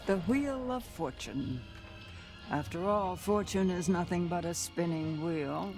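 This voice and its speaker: An actress playing an eerie old fortune teller reading tarot cards, speaking in slow, ominous, cryptic half-whispers. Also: female voice, fairly low pitch, animated, a little mellow, soft background music.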